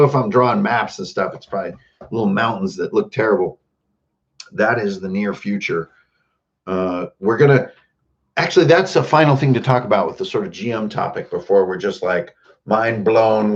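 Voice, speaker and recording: A man's voice: on the low side, dull audio. A man hosting a casual livestream, rambling and joking while he greets viewers by name. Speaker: host.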